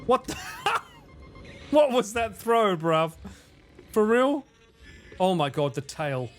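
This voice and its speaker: A man livestreaming a game, excitable, swearing and laughing often as he chats. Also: high voice, takes it slowly, faint music behind. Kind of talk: casual gaming livestream chat.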